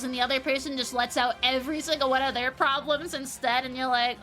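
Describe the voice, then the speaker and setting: Brief: young woman streamer, high voice, casual and profane, faint music under. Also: fairly even intonation, fairly quick, few pauses, sharp tone. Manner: chatty, swears casually, reads chat aloud. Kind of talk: casual live-stream chat with viewers.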